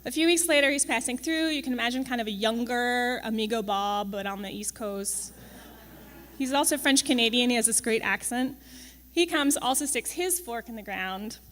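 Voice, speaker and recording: A young woman with a fairly high, fairly bright voice talks at a normal pace, giving a conversational presentation to an audience as a campus farm manager. She's chatty and wry, full of ums and tag questions. The recording carries the long reverb of the large event hall she's speaking in.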